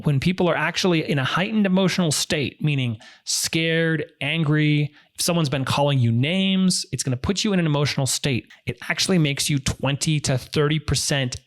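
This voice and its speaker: A man's voice: a little high, animated, normal speed. A man coaching viewers on negotiation in a direct, emphatic instructional talk, often repeating key phrases.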